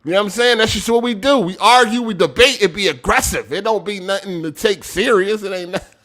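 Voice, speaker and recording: Man, livestream podcast host, higher-pitched, bright forceful voice, loud and animated, lots of laughing. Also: a little fast. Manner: loud, animated, laughs often, street slang. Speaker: podcast host reading super chats. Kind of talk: casual livestream chat.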